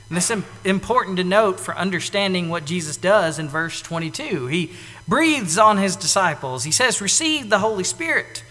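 Male preacher, sermon, lively swinging pitch, bright forward tone, long hall reverb. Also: normal speed. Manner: animated, acts out quoted lines with big swings in loudness.

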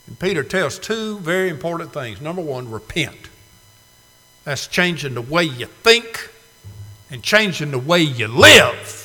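A man preaching a sermon, swinging from loud to hushed, with slow emphatic phrasing. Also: a little high, animated. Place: church sanctuary. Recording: long hall reverb.

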